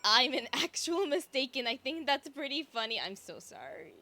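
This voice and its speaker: A young woman streamer in casual chat, rambling with lots of fillers and a slight vocal fry. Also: high-pitched, big pitch swings, normal speed, sharp tone, faint music behind. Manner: chatty, rambling with fillers and self-interruptions.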